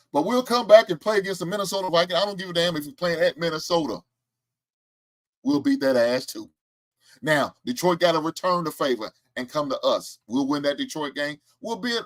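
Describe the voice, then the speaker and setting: A man hosting a casual live-stream sports talk show, boasting about his predictions and firing back at the chat with laughs and trash talk. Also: on the high side. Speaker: show host.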